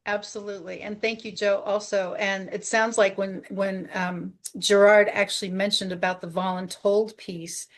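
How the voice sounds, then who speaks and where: A woman's voice: mid-range voice, level tone, moderate pace, few pauses. A woman hosting a launch celebration on a video call, upbeat and playful as she calls on each speaker. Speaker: event host.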